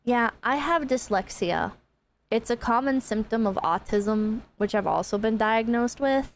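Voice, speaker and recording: A woman putting on the voice of an odd woman driver, speaking slowly and flatly in a lower voice than her own. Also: slight background noise. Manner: slow, low, flat delivery. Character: odd, slow-talking woman driver, flat and dazed.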